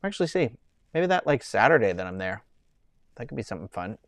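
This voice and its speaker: A man's voice: fairly low pitch, sing-song, fast, dry recording. Man, young adult, chatty live stream host, rambling, lots of fillers, dry close sound. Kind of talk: casual chat reading viewer comments.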